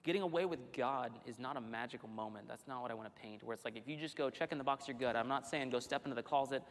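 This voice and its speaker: Male pastor, sermon in a church; animated, rapid storytelling delivery, echoing hall. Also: mid-range voice. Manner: conversational, animated storytelling with restarts. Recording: long hall reverb.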